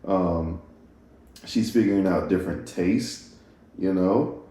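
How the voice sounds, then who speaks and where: Male podcast host, casual rambling musings, low and mellow, very echoey room. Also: slow pace. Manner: rambling, self-interrupting, laughs at himself.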